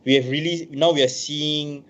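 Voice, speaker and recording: A man's voice: on the high side, fairly even intonation, moderate pace, fairly bright tone. A man co-hosting a casual wrestling podcast, conversational and hedging, often calling his co-host bro. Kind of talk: casual wrestling review chat. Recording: dull lo-fi mic.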